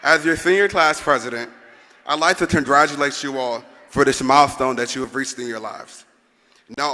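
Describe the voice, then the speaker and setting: A young man delivers a graduation address with a bright, forceful tone. He rallies the audience and has them call words back to him. His voice rings through a large arena with a long reverb. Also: mid-range voice, fairly quick. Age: young adult. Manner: rousing, calls on the audience to respond. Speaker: senior class president. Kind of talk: commencement speech. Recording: long echo of a big arena.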